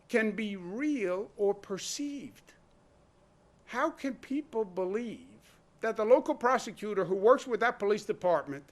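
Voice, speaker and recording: Governor guy at a press briefing, pretty high voice, punchy rhetorical questions. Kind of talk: press conference speech. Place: indoor briefing room.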